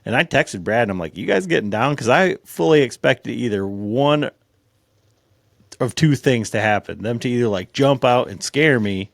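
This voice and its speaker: Male podcast host, gravelly with a dry close sound, animated casual storyteller. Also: medium pitch, normal speed, no room sound. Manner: animated, laughing retelling with many fillers.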